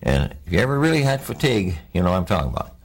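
An older man, a war veteran, recounting his memories in a plainspoken, halting oral-history interview. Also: sits low, sing-song, breathy edge.

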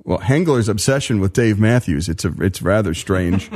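A man's voice: lowish voice, expressive, moderate pace, darkish tone. A man hosting a radio talk show, jokey and leading the conversation in casual chat.

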